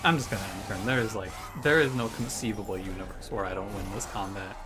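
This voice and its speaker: With game music behind him, a man gives jokey, wry commentary and playful trash-talk while gaming in a room at home near a window. His voice is on the low side, and he talks at a quick pace.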